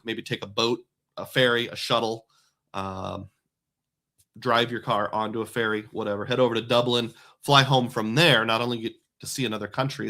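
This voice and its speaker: A man's voice: medium pitch, sharp tone. A man hosting a live stream, chatting casually and rambling as he reads viewer comments aloud. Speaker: livestream host.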